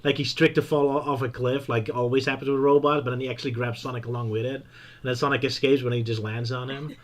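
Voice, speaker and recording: A man hosting a podcast, talking in a relaxed, hesitant way with fillers and restarts. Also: mid-range voice, fast talker. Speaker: podcast host. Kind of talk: casual discussion.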